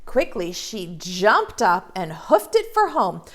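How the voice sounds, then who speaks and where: A young woman, a preschool teacher, reading a story and talking gently to young children in a sing-song way. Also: mid-range voice, wildly swooping pitch, takes it slowly.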